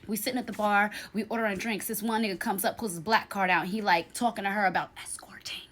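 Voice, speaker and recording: A woman's voice: medium pitch, steady tone, quick pace, a bit bright, a little hiss or hum. A young woman telling a storytime vlog in a brash, profane, emphatic way, often tagging lines with "okay?". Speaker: storytime vlogger. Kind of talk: casual storytime.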